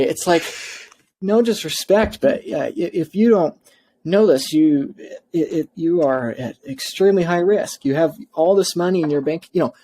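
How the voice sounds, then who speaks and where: A man, an adviser, delivering an impassioned monologue, emphatic and repeating himself with quick restarts. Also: a little high, a little mellow. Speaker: bitcoin adviser.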